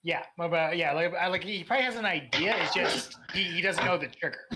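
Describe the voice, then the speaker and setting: A tabletop game player explaining a character's actions in a halting way, with many restarts. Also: mid-range voice, noisy background. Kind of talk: casual tabletop play.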